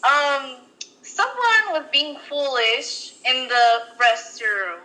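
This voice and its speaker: A woman's voice: high-pitched, slow pace, pushed and bright, low-quality recording. A young adult woman co-hosting a podcast, telling a story casually and rambling with lots of "like" fillers and restarts. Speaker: podcast co-host.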